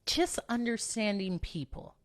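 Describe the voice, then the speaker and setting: Slow, reflective woman telling a story. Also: mid-range voice, expressive. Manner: slow and reflective, with self-corrections and small laughs. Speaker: podcast host. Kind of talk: casual storytelling monologue.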